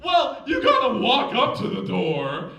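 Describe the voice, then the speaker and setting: A man's voice: very high voice, wildly swooping pitch, creaky, bright, forceful tone, recorded from a distance, voice pushed up, heavily acted. A man playing a dim, eager starship crewman. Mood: proudly dim. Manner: proud, slow-witted, eager. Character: dim-witted male starship crewman Jim, earnest. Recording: echoey stage mic.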